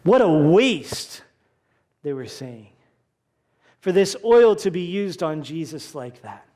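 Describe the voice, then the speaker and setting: Pastor, male, high voice, conversational sermon delivery, acts out quoted voices. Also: expressive, measured pace, warm tone.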